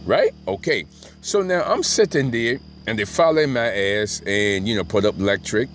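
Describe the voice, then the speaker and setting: A man's voice: medium pitch, expressive, normal speed, slight background noise. Middle aged new guy ranting a long street story, swears a lot, keeps going right? right?, voice bounces up and down. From Brooklyn, New York. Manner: profane, keeps asking "right?". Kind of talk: rambling storytelling monologue.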